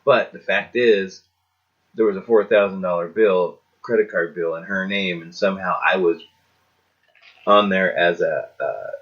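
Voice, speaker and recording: This man co-hosts a casual chat show and talks in a relaxed, rambling way, swearing bluntly. His voice sits very low, and the recording sounds dull and lo-fi. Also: measured pace. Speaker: podcast co-host.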